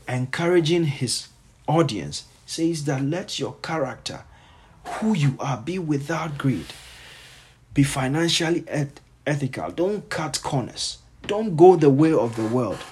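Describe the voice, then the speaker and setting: Male pastor, raspy breathy voice, mid pitch, emphatic and repetitive preaching, reads verses out. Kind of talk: sermon.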